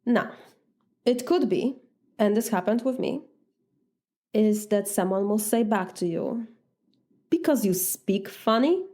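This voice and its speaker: A woman's voice: mid-range voice, measured pace, long pauses, warm tone. A woman with a Polish accent, a native Polish speaker, giving earnest, direct coaching advice in a podcast talk. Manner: earnest, direct, acts out sample dialogues. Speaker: life coach.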